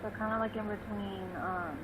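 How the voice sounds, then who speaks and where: A woman's voice: medium pitch, fairly even intonation, normal speed, background noise. A woman playing a tabletop game who speaks politely and earnestly, with frequent fillers. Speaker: player. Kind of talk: tabletop role-play.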